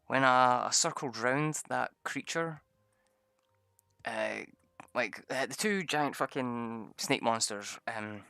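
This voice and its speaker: A man's voice: medium pitch, a little slow, few pauses, pushed and bright, clean tone, no room sound. A man telling a rambling story about a tabletop game session, swearing often and laughing a lot. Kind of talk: casual storytelling.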